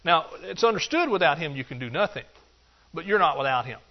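A man preaching a sermon, animated and joking, acting out excuses in a higher voice. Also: fairly quick. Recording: dull lo-fi sound.

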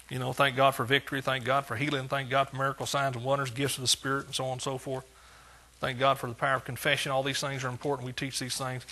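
Gravelly, husky-voiced man preaching a sermon. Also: medium pitch, pushed and bright. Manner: conversational, with rhetorical questions to the congregation. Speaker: pastor.

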